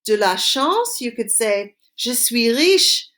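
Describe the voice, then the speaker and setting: Clear woman teaching slowly. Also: fairly high pitch, sing-song, fairly bright tone. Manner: slow, clear modeling of phrases for repetition. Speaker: French teacher. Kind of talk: recorded classroom lesson.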